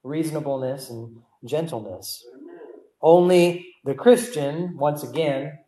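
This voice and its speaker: A man's voice: on the high side, slow pace, dark tone. Young male preacher in echoey church. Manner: asks the congregation rhetorical questions; repeats key words for emphasis. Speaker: guest preacher. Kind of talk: sermon.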